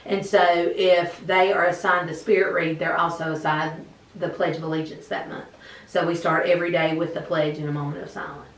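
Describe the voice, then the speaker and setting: A woman's voice: sits low, level tone, moderate pace. A woman teacher answering interview questions in a conversational way, with frequent fillers. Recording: echoey room, mic at a distance.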